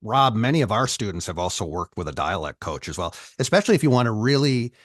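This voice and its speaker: A man hosting an online voiceover class, explaining things in a relaxed conversational way. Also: lowish voice, fast, no room sound, clean studio sound.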